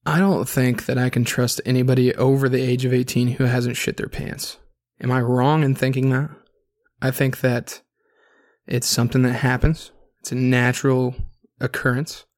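A man's voice: medium pitch, level tone, normal speed, a little mellow. A man hosting a podcast, rambling through a crude personal story in a casual monologue full of swearing. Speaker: podcast host.

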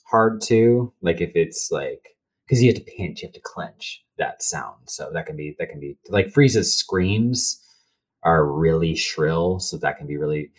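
A man's voice: low-pitched, breathy edge. A young man, a voice actor, talking loosely in a casual interview and laughing between thoughts. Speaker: voice actor guest.

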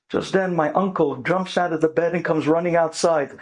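A man, a rabbi and storyteller, telling a family story in an animated, dramatic way and mixing in Hebrew words. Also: a little high, normal speed, few pauses, slightly rough. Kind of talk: lively storytelling talk.

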